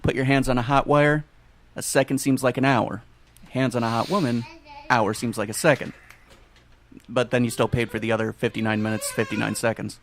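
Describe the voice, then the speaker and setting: A man's voice: mid-range voice, little pitch movement, fairly quick, a little hiss or hum. A man on a podcast panel, chatting casually and cracking jokes. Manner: wisecracking. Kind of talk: casual chat.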